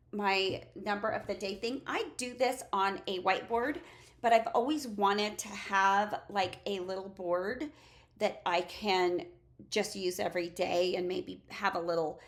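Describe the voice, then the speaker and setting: Chatty preschool teacher woman, creaky voice. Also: mid-range voice. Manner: chatty, demonstrates classroom routines aloud. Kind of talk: casual classroom-resource walkthrough.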